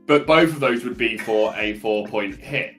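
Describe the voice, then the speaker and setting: A man co-hosting a casual fantasy football podcast, calmly laying out his options one by one with a dry sense of humour. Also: on the low side, moderate pace, faint music behind. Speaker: podcast co-host.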